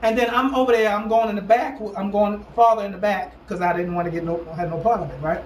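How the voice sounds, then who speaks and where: A man tells a story in a casual talk session with animated emphasis, acting out what other people said and repeating lines for punch. He sits back from the mic in a roomy, echoing space. A light hiss sits under his voice. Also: sits high, fast, far from the mic. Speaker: host.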